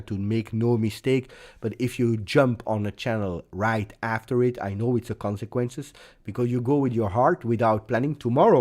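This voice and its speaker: A man's voice: mid-range voice, darkish tone. A man hosting a live post-match fan reaction, speaking in a passionate, emphatic and rambling way. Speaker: football channel host.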